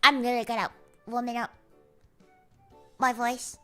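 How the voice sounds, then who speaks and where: Young female streamer, high and animated, jokey and exaggerated, unhurried. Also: faint music behind. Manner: playful, exaggerated, swears freely. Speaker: livestreamer. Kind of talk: casual stream chat.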